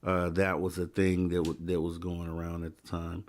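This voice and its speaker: A man's voice: sits low, monotone, normal speed. A man in his forties hosting a late-night call-in show, chatting casually and hedging as he recalls things. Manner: rambling, hedging his own memories. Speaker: show host. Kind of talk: casual radio chat.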